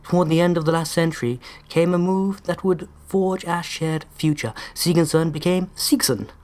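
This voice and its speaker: A man putting on a halting, oddly stressed promo narrator. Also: fairly high pitch, darkish tone, pitched above the performer's own voice, lightly acted. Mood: grandiose. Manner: hyperkinetic, oddly stressed delivery.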